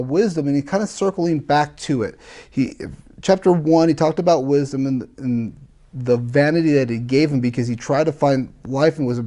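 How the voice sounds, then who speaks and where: A man's voice: fairly high pitch, warm tone. A man giving an informal Bible lesson to a class, conversational and repetitive, with frequent fillers and emphatic restatements. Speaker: Bible teacher.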